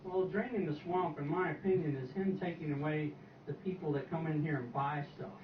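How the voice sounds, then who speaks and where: A man's voice: a little high, fairly even intonation, brisk, distant mic. A man being interviewed outdoors on the news, talking plainly and with strong opinions. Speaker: interviewee at a rally. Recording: TV audio played in an echoey room, heard from afar, dull and noisy.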